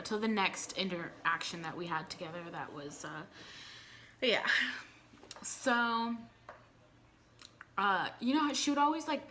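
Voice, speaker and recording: A woman's voice: fairly low pitch, slight background noise. A young woman telling a personal story time on her vlog, speaking animatedly and filling her talk with constant "like"s. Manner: animated storytelling with frequent "like" fillers. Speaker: vlogger.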